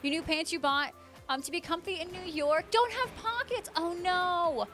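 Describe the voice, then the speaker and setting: A young adult woman livestreams with soft music in the background, chatting casually with viewers and reading their names and messages aloud in a bubbly, gushing way. Her voice is very high-pitched and fairly bright, at a normal speed.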